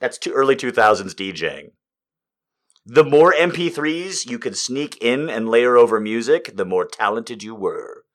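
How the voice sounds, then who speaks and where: Unhurried and animated, a man in his thirties with a medium-pitched voice performs a casual comic monologue. Freely profane, he swings from loud outbursts to muttered asides.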